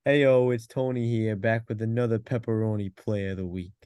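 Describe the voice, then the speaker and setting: A man's voice: steady tone, brisk, warm tone, clean tone, dry recording, close to an everyday voice. A man putting on a brash, wisecracking Italian-American pizza guy with a put-on accent for a podcast comedy bit. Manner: swaggering, wisecracking pitchman. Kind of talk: comedic segment on a fantasy football podcast.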